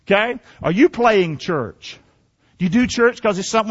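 High, lively-voiced preacher man. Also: moderate pace. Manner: emphatic, asks the congregation questions. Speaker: pastor. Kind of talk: sermon with personal testimony. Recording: dull sound in a reverberant hall.

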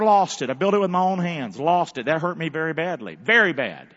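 Man, pastor, sermon, high voice, bright tone, call-and-response, echoing church hall. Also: lively intonation, a little fast, hardly any pauses, highs cut off. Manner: fiery call-and-response preaching, shifting from hushed to shouting.

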